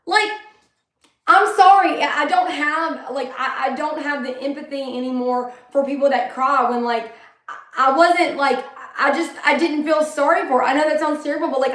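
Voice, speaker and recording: A woman's voice: high-pitched, normal speed. A young adult woman talking candidly and emotionally in a rambling personal monologue. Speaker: vlogger. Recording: echoey room.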